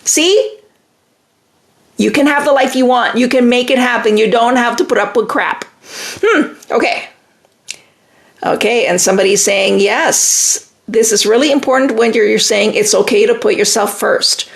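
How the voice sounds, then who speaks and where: A woman's voice: fairly high pitch, moderate pace, vocal fry. A middle-aged woman hosting a live relationship-advice stream, reading viewer comments aloud and answering in an emphatic, reassuring way.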